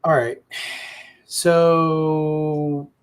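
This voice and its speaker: A man's voice: a little high, level tone, extremely slow, smooth. Insistent man repeating his point. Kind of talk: casual political debate.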